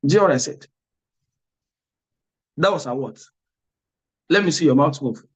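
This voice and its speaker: A man's voice: fairly high pitch, expressive, normal speed, breathy edge. A man, an exam prep tutor giving a motivational class talk, emphatic and repetitive, often checking "are you with me?". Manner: emphatic, repeats words, asks "are you with me?".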